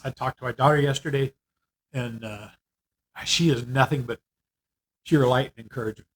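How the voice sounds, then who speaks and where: An older man giving a casual, candid video update on his treatment. He rambles a little, fills pauses often, and sounds worn out. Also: medium pitch, husky. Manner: candid, rambling, with frequent fillers. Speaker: vlogger. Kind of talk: casual personal health update.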